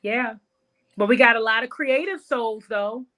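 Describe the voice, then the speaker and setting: A woman who owns a salon, telling her story in a casual interview in an animated way. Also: a little high, measured pace. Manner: animated storyteller, calls the host girl. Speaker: salon owner and guest.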